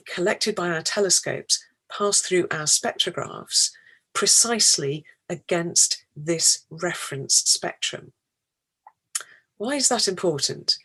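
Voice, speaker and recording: A woman giving a public science lecture, explaining each point in a measured, deliberate way. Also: fairly low pitch, a bit bright, breathy edge.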